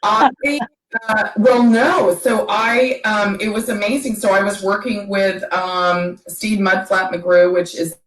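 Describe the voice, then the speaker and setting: Slow halting woman in an echoey room. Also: medium pitch, fairly even intonation, a bit bright. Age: middle-aged. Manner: halting, many fillers and restarts. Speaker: guest. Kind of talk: casual interview chat.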